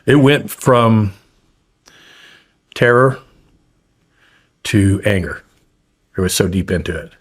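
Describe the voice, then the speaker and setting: A man's voice: on the low side, expressive, takes it slowly, long pauses. A middle-aged man, a guest on a podcast interview, telling his story bluntly with plenty of swearing. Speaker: guest, former hostage.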